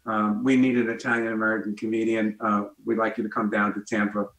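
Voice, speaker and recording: A man's voice: fairly low pitch, level tone, quick pace, a bit bright, echoey room, low-quality recording. A man, a guest comedian telling a story on a talk show and acting out the voices in it.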